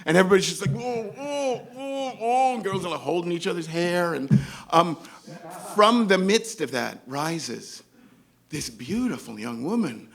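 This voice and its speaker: On the high side and gravelly, this New York man's voice keeps a moderate pace as he shares a humorous personal story onstage. He brings it to life animatedly, impersonating the people in the tale.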